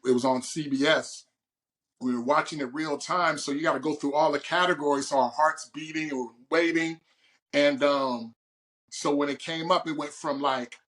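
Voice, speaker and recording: A man from Oakland, a guest poet, telling his story in an interview with animated, boisterous energy. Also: medium pitch. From Oakland, California. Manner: animated, storytelling, boisterous and loud when excited. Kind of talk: interview conversation.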